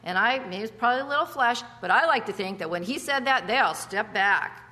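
Bright-voiced woman preaching in a hall. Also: on the high side, expressive, a little fast. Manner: emphatic, with chatty asides and rhetorical questions. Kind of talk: conversational sermon.

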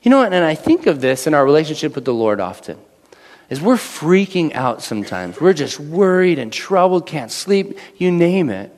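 Man in his thirties, pastor, fairly high voice, casual sermon, long church reverb. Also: sing-song, moderate pace, darkish tone. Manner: conversational, repeats phrases, acts out quoted voices.

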